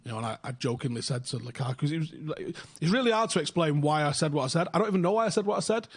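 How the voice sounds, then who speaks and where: A young man talks on a podcast with a slightly husky, raised voice. He swears freely and gets animated as he tells a story. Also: a little high, rapid-fire. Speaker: podcast host. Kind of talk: casual chat.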